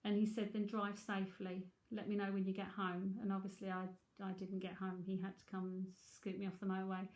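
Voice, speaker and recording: A woman's voice: mid-range voice, monotone, a little fast, hardly any pauses, a little mellow, reverberant. A middle-aged woman, a psychic tarot reader, chatting frankly and laughing often as she answers viewers. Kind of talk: casual livestream chat.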